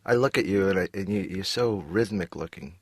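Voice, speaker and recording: A man's voice: low voice, fairly quick, slightly rough, no room sound. A man voicing a neurotic, needy cartoon therapy patient who rambles and complains in a self-pitying way. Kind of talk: animated sitcom voice acting.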